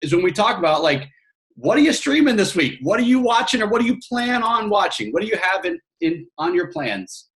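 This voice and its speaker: Male host, upbeat and encouraging, slightly high voice, casual talk. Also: big pitch swings, fairly quick, a bit bright. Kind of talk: casual chat.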